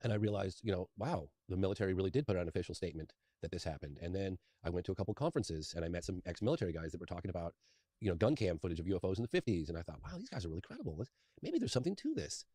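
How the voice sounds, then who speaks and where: A rapid-fire man in his fifties with a low voice, spinning a long personal story in an interview. He rambles eagerly and keeps restarting sentences as he goes. The sound is close and dry, with no room behind him. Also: dark tone, no room sound. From England. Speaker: documentary filmmaker, interview guest.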